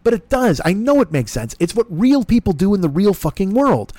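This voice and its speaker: A man's voice: high-pitched, very animated, brisk, dark tone, no room sound. A middle-aged man rambling through a profane, self-deprecating story as a podcast host, acting out both sides of conversations. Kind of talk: casual storytelling monologue. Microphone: laptop recording.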